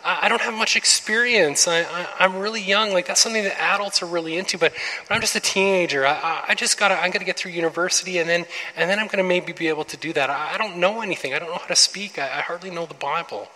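A preacher putting on an anxious teenage boy, voice pushed up higher and bright, tripping over his words as he excuses himself. A long hall reverb trails each halting phrase. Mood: hesitant. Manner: hesitant, stammering excuses. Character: unsure young male teenager making excuses.

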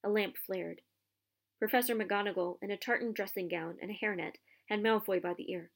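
A woman reading a children's novel aloud with expressive storytelling. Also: medium pitch, normal speed, creaky.

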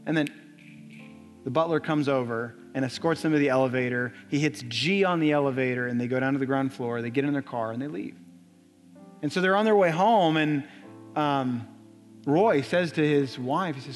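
A man's voice: on the high side, normal speed. A young adult man preaching a sermon in a church, telling a story with earnest repetition. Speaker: pastor. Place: church sanctuary. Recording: long church reverb, soft music.

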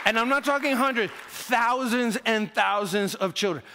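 A man's voice: very high voice, normal speed, crowd noise, background noise. A male pastor preaching with enthusiasm, repeating key points for emphasis in a large church hall. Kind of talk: sermon. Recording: long hall reverb.

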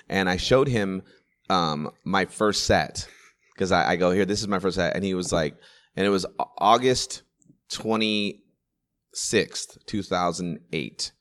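A comedian in his forties in casual chat, telling rambling stories in quick bursts with restarts and swearing. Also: low voice, a bit bright, clear, resonant tone. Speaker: stand-up comedian.

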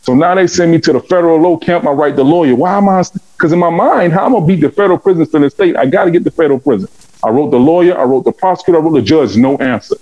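A man pours out his life story at a rapid clip, preaching with fervor and acting out every exchange. His voice sits a bit high for a man, and the sound is dull and lo-fi. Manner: animated, acts out dialogue with big pitch swings; fervent and preaching. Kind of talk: emotional testimony storytelling.

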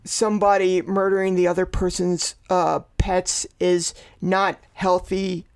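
A man's voice: sits high, level tone, unhurried, smooth. A man co-hosting a podcast in rambling, sarcastic casual chat, swearing freely. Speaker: podcast co-host.

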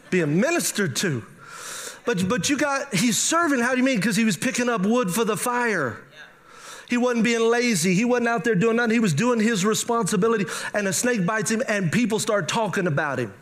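A middle-aged man preaching a sermon to a congregation, lively and joking, talking straight to the room. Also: high voice. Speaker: pastor. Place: church sanctuary with a live congregation.

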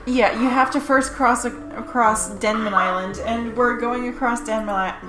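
A woman's voice: fairly high pitch, steady tone, normal speed, reverberant, music in the background, rough recording. A woman co-hosting a casual watch-along podcast, chatty and agreeable, telling anecdotes. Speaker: podcast co-host. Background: TV show audio playing.

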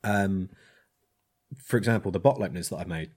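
Rambling blacksmith, lowish voice. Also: male voice, fairly quick, darkish tone, husky. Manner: rambling, hesitant with many ums. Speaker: blacksmith, guest. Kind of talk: casual chat.

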